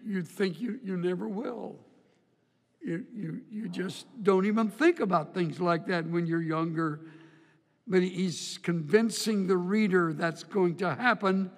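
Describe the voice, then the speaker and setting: Older male pastor, folksy joking sermon delivery, slow pace, echoing hall. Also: high voice. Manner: folksy storytelling with humor, repeats words. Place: church auditorium.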